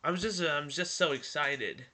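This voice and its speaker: High, bright, excitable man hosting. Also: normal speed. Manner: rambling, excitable, full of restarts. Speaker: host. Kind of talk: casual vlog and storybook reading.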